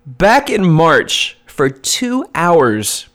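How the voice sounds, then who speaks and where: A man hosting a podcast, introducing clips and interviewing a guest in a lively, animated way. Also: fairly high pitch, extremely slow. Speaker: podcast host. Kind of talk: podcast countdown narration and interview.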